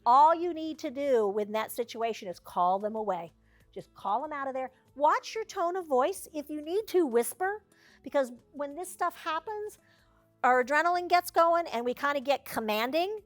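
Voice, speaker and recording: A woman's voice: high-pitched, expressive, moderate pace, soft background music. A woman service dog trainer leading a hands-on class, chatty and down-to-earth with joking asides.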